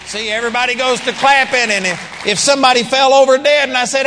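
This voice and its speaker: A man's voice: very high-pitched, fast talker, music in the background. A man teaching a live sermon at a seminar, preaching emphatically and acting out the voices of his listeners. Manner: animated, emphatic preaching with acted-out quotes. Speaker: Bible teacher. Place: large seminar hall. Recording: live recording with long hall reverb.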